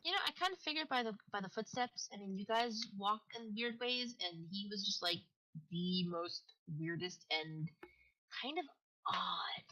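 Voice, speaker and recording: A woman's voice: medium pitch, animated, normal speed, pushed and bright, lo-fi sound. A woman playing a tabletop role-playing game, talking bluntly and swearing freely. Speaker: player. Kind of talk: tabletop role-play chat.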